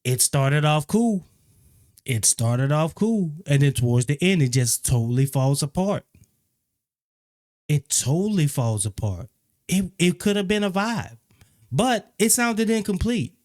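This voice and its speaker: A man giving a casual, opinionated spoken album review, often repeating himself and growing animated when he criticizes. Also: on the high side, a little slow. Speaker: music reviewer.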